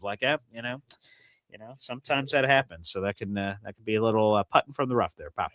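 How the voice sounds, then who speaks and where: A man's voice: mid-range voice, brisk, a bit bright, no room sound, studio quality. A man co-hosting a casual sports podcast, talking in a conversational way with fillers and restarts. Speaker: co-host.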